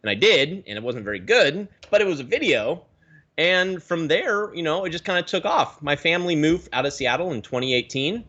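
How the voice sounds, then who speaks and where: A man from the Pacific Northwest, a guest telling his story in a rambling, animated way with many restarts, on a video call. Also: fairly high pitch, brisk, dull audio. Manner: animated, rambling, self-correcting. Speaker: guest, aquarium YouTuber.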